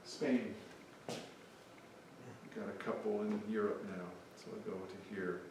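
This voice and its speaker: A man's voice: fairly low pitch, takes it slowly, far from the mic, noisy background. Man reading poems in an echoey hall. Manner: chatty, offhand asides between poems. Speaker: poet. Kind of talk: live poetry reading. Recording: echoey hall, mic from afar.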